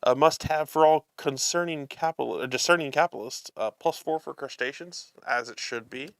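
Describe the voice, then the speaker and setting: A man's voice: a little high, normal speed, gravelly, fairly bright tone, dry recording, studio quality. A man hosting a live show, chatting casually as he unboxes a card game and reads the cards aloud, amused and chuckling often.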